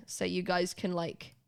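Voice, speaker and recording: A woman's voice: fairly low pitch, takes it slowly, gravelly. A British woman streaming live, chatting casually and laughing often as she teaches a spelling lesson to her viewers.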